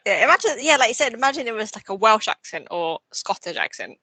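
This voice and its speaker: A woman's voice: on the high side, sing-song, fast talker, bright, forceful tone, slightly rough, no echo. A young British woman co-hosting a podcast, chatting casually with lots of filler words. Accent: British English. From Britain. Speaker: podcast co-host. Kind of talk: casual chat.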